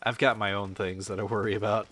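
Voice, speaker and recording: A man's voice: on the low side, little pitch movement, quick pace, a bit bright. A man chatting casually on a game stream, rambling and swearing as he answers chat.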